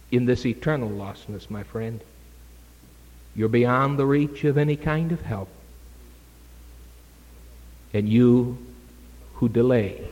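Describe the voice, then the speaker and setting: A man preaching an urgent evangelistic sermon, dramatic and moving from hushed to loud. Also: medium pitch, in a large hall, low-quality recording.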